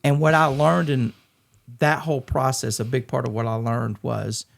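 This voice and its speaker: A middle-aged man from Georgia in the US, speaking as a podcast guest. His mid-range voice has a gravelly edge. He tells his story candidly and earnestly, often stopping to restart a thought. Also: mid-range voice, little pitch movement. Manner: earnest, halting, frequent restarts and fillers.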